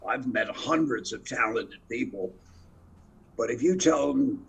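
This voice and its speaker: A man's voice: mid-range voice, normal speed, gravelly, slightly rough, poor audio. A man in his seventies, an actor telling rambling, self-deprecating anecdotes in an interview. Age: 70s. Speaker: actor and guest. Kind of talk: storytelling interview.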